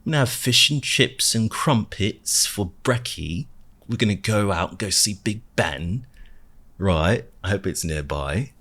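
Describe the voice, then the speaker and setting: A man playfully hamming up an exaggerated, excited mock British-style accent for fun. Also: low voice, slow, exaggerated voice. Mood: hammy.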